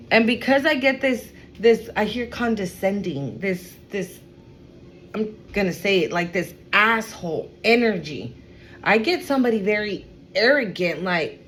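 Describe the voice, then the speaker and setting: A woman speaks slowly and emphatically, repeating her points as she gives a spiritual reading. She talks straight to her viewers. A faint hiss sits under the recording. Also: medium pitch, expressive, a bit bright, low-quality recording. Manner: emphatic, repeats phrases, addresses viewers as y'all. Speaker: tarot reader.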